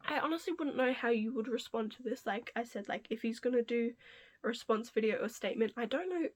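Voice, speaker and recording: Woman, young adult, high-pitched, casual commentary vlog, amused, incredulous, whispered asides. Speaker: commentary vlogger.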